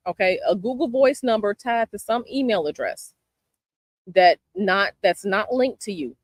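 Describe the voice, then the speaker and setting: Woman from Chicago, casual vlog chat, sassy, emphatic, dry close sound, mid pitch. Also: lively intonation, unhurried, dry recording. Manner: chatty, sassy, repeats advice emphatically. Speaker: tarot channel host. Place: outdoors by a palm tree, planes overhead.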